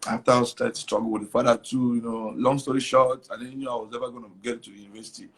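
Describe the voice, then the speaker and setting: Young guy, husky voice, stumbles and repeats himself, lively interview chat. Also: medium pitch, quick pace. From Cameroon. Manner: animated, repeats words, mixes in Pidgin. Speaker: comedian guest. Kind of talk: casual interview storytelling.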